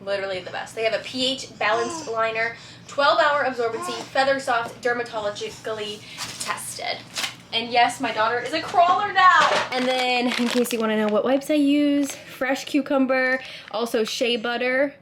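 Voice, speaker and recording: A woman's voice: fairly high pitch, normal speed. A young woman chatting casually to viewers in a home vlog, upbeat and confiding. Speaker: vlogger. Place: home, indoors. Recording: echoey home room with faint noise.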